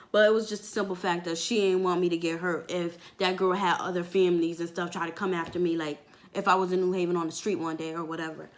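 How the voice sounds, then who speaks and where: A young woman vlogger telling a story from her life in a casual, animated way, with lots of "like" and acted-out voices. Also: fairly low pitch. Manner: animated storytelling, fillers with "like", acts out quoted voices.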